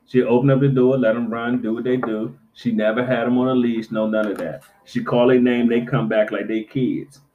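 Middle-aged male co-host, loose, profane storyteller, mid-pitched voice on a dull lo-fi recording. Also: moderate pace, few pauses. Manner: profane, animated storytelling with acted-out quotes. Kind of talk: casual chat.

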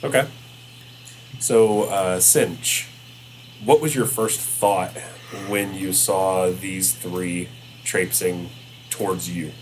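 A man's voice: low voice, fairly even intonation, slow pace, long pauses, rough recording. A man acting as game master of a tabletop game, asking the players playful questions and narrating. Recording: clear background noise.

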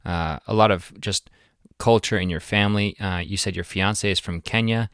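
A man's voice: on the low side, fairly even intonation, normal speed, fairly bright tone, clear, resonant tone, no echo, clean studio sound. A man interviewing a guest in a casual chat, asking long questions full of hesitations. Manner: hesitant, many fillers.

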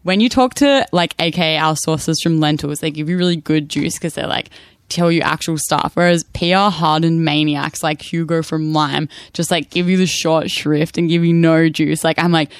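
A man's voice: fairly high pitch, fairly even intonation, moderate pace, smooth, no room sound, clean studio sound. A man co-hosting a casual radio chat, telling stories in a rambling way with lots of fillers and laughs. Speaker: radio co-host.

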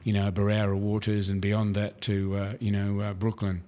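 Rambling Australian yarn-teller, low voice. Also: male voice, completely flat delivery, normal speed, warm tone. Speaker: guest, retired military officer. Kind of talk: casual storytelling.

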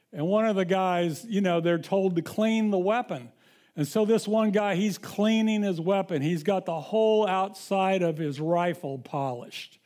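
A pastor with a notably high voice delivers his sermon in an easy, conversational way. He stumbles and restarts often as he talks, then slows down to read scripture aloud. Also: darkish tone.

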